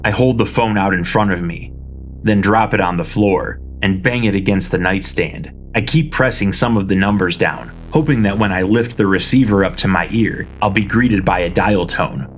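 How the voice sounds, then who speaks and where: A man narrating an audiobook chapter in a calm, detached manner. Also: sits low, moderate pace, a little hiss or hum. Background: faint music.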